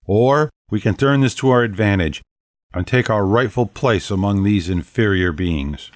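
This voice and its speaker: A man's voice: fairly low pitch, moderate pace, no room sound, studio quality, natural voice. A man voicing a regal ancient vampire queen. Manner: bold, stately, proclaiming. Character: regal ancient female vampire leader, commanding. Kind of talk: audiobook character voice.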